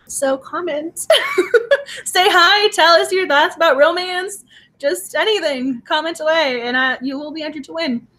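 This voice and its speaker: A woman's voice: extremely high pitch, expressive, unhurried, sharp tone. A woman co-hosting a book club livestream, giggly and effusive, rambling with restarts as she chats. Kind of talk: casual chat.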